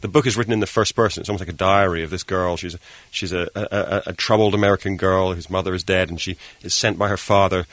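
A Scottish man talks quickly in a lowish voice, often stalling and repeating his words. He is a film director chatting as a radio guest. The studio sound is close and dry. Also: fairly even intonation, a bit bright, dry recording. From Scotland. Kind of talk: casual radio interview.

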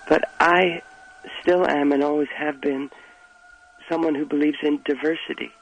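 A man's voice: a little high, fairly even intonation, normal speed, rough recording. A man voicing a late male pop star, earnest and self-important, rambling and breaking into film-quote impressions in a radio comedy sketch. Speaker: radio comedy bit performer.

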